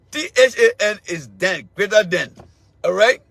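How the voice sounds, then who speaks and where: A man's voice: sits high, animated, measured pace, no room sound. A middle-aged man with a Liberian accent, hosting an online show with a loose, repetitive political monologue. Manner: mocking, laughing, shouting insults at a commenter.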